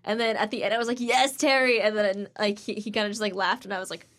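A woman's voice: medium pitch, steady tone, rapid-fire, a bit bright. A woman in her twenties, a podcast co-host, chatting casually and telling rambling anecdotes full of "like" while acting out the people in them. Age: 20s.

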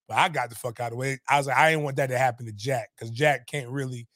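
A middle-aged man, telling a story in animated, profane casual talk on a podcast. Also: medium pitch, fast talker, no room sound, clean studio sound.

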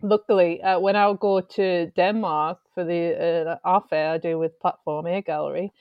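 A woman's voice: lowish voice, steady tone, moderate pace, dry recording, highs cut off. Northern English woman, chatty and filler-heavy, very dry close sound. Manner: chatty, frequent fillers, laughs often. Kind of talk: casual chat.

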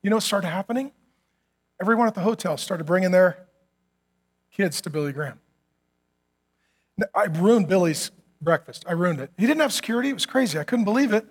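A middle-aged man preaching a sermon as a pastor, telling stories with animated acted quotes and humor. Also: high voice, fairly quick, pauses often, breathy edge.

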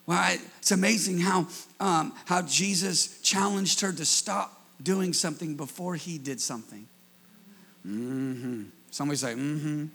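Gravelly, high-voiced preaching pastor. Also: male voice, measured pace. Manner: call-and-response preaching, swings from quiet asides to shouting. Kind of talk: sermon.

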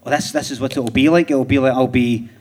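A man's voice: medium pitch, fairly even intonation, a little fast, darkish tone. A Glaswegian man guesting on a live podcast, telling stories in a rambling way with restarts and dry chuckles. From Scotland. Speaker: comedian guest. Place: theatre stage before a live audience. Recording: live theatre with audience noise.

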